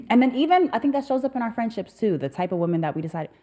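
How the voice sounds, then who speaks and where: A woman's voice: a little high, expressive, quick pace, dark tone. A woman co-hosting a podcast in casual chat, frank and swearing freely. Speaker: podcast co-host.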